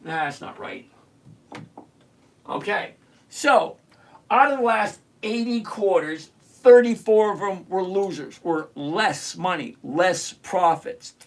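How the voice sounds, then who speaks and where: A middle-aged livestream host in casual commentary who teases a viewer sarcastically, repeats points slowly and mutters while hunting around the screen. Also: medium pitch, expressive. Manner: teasing, sarcastic, talks straight to a viewer.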